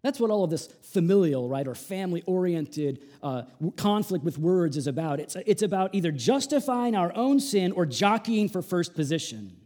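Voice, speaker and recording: A man preaching a sermon in a conversational way, full of rhetorical asides, dropping to hushed lines and rising to loud emphatic peaks. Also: high-pitched, very animated, normal speed, hardly any pauses. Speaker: pastor.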